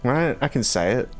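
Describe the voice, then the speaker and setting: A man with an Australian accent chatting casually while streaming a game, playful and laughing often as he talks with viewers. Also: mid-range voice.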